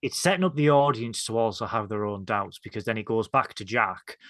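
A man's voice: fairly low pitch, a little fast, a bit bright, no echo, studio quality. A man from northern England co-hosting a casual TV review chat, recapping scenes in a hesitant way with many ums and self-corrections. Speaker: podcast co-host.

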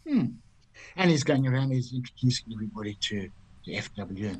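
Older Zimbabwean raconteur telling golf stories. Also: male voice, mid-range voice, brisk, a little hiss or hum, low-quality recording. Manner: lively raconteur who acts out other people's voices. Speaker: guest, golf commentator. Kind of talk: anecdotal storytelling.

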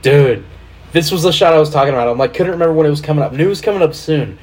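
A man hosting a casual podcast chat, animated, swearing freely and laughing while he directs the video playback. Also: a little high, rapid-fire. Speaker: podcast host.

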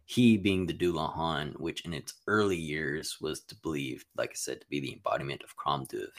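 Podcast co-host, man, very low voice, loose rambling storyteller. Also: moderate pace. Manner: rambling, filler-heavy storytelling with playful jabs. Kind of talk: casual podcast chat.

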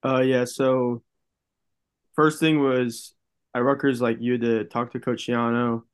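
A young man, a college football player, talking casually in a podcast interview, telling stories in a relaxed way and saying "like" often. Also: medium pitch, a little slow, clear, resonant tone. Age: young adult. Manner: relaxed storytelling, heavy use of "like".

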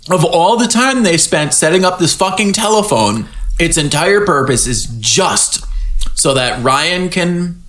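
A man co-hosting a casual podcast, his voice bright and forceful and climbing high above his usual pitch. He is profane and animated, swinging from laughter into playful impressions of the characters. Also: unhurried. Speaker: podcast co-host. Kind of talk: casual recap chat.

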